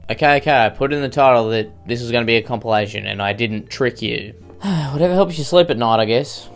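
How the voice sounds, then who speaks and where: A man hosting a comedic online video, talking in a sarcastic, self-mocking, joking way. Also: mid-range voice. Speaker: YouTuber host. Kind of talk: comedic vlog commentary.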